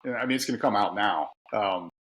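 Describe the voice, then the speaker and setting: A man's voice: lowish voice, fairly quick, a bit bright, low-quality recording. A middle-aged man from Pittsburgh with a Pittsburgh accent, talking candidly and laughing often as a podcast guest. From Pittsburgh, USA. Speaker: guest author and tradesman. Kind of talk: casual podcast conversation.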